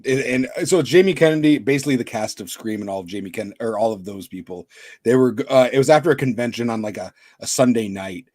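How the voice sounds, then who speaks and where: A man's voice: medium pitch, quick pace, darkish tone, dry recording, clean studio sound. A man co-hosting a casual podcast, telling a long rambling anecdote full of fillers and restarts. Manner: rambling, filler-heavy storytelling. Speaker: podcast co-host. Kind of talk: casual chat.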